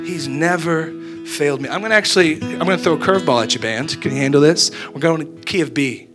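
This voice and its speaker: A man's voice: on the high side, expressive, fast talker. A man leading worship, talking earnestly between songs and building to urgent questions. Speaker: worship leader. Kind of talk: spoken exhortation over worship music. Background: soft guitar playing.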